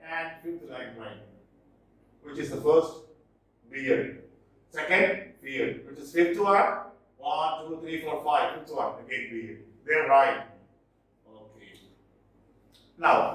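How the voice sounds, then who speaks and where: A man teaching a literature lesson, repeating key terms slowly and stressing what matters for exams. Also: on the high side, a bit bright. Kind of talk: classroom lecture. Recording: echoey room, voice far from mic.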